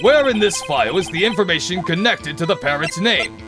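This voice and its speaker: Mild, easily swayed old judge, read by a male streamer in a lowered voice, ponderous and hesitant, with game music behind. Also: animated, fairly quick.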